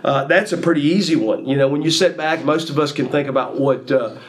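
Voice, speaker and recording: Man preaching with halting repetitions. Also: fairly high pitch, slight background noise. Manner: repeats words, measured preaching with many fillers. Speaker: pastor. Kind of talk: sermon.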